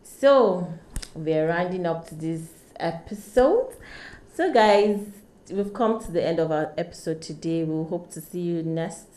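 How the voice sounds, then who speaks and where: A woman's voice: on the low side, lively intonation, unhurried, dark tone. A woman hosting a casual podcast, giving short backchannels and a gracious sign-off. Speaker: podcast host.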